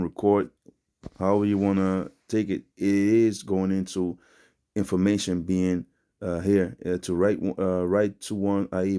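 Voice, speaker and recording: A man with a very low voice gives a loose, informal religious teaching. He talks in street slang, ends his phrases with "man", and rambles through fillers and restarts. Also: warm tone, clean tone. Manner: street-style slangy preaching, repeats "man". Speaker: preacher.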